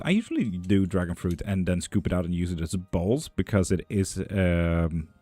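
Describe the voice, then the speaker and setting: A man's voice: low-pitched, darkish tone, no room sound. A man reading tarot and bones on a live stream. He reads viewer questions aloud in a lifted voice, then answers them in a dry, teasing way in casual chat.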